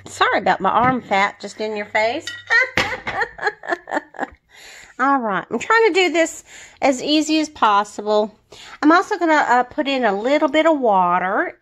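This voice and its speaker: A woman's voice: on the high side, fairly bright tone, roomy sound. A woman chatting casually through a home cooking how-to in her kitchen, laughing often and drawing out some words. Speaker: home brewing vlogger.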